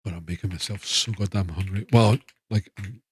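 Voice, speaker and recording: A man's voice: low-pitched, a little fast, slight background noise. A man with a Scottish accent, chatting casually and rambling on a live stream. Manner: chatty, rambling, self-interrupting.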